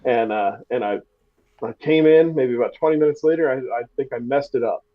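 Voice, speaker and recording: A man's voice: mid-range voice, a little fast, muffled recording. A man co-hosting a podcast in casual chat, telling stories with a self-deprecating humor and frequent restarts. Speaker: podcast co-host.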